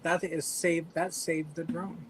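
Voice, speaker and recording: A woman's voice: low-pitched, flat delivery, a little slow. A woman joins a group video call from her home office. She tells her story plainly and matter-of-factly. A faint hiss sits behind her voice. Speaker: guest. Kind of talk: casual group video chat.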